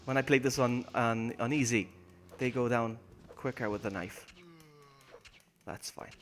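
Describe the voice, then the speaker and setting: A man streams a game live, greeting viewers by name and mocking himself. He's excitable, jumping to high yelps when in danger or when things go wrong, then muttering low. He speaks unhurriedly, with slight background noise.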